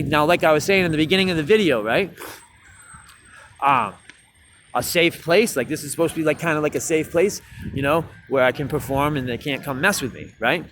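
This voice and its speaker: A man with a slightly raised pitch rambles to camera outdoors, stuffing his talk with fillers and swearing freely. His complaints turn indignant, and a faint outdoor hum sits behind him. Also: fairly bright tone. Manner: rambling, profane, fillers like "you know what I mean"; indignant, rising pitch when worked up. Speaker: street musician vlogger. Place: outdoors by a city building.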